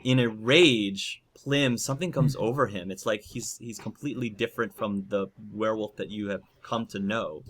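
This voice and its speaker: A man narrating a tabletop role-playing game as game master, slow and halting, with many fillers. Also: on the low side, fairly bright tone.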